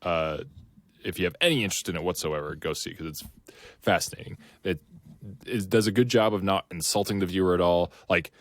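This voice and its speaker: This podcast co-host has a low, fairly bright voice and talks a little fast. His casual chat wanders, with plenty of fillers and false starts.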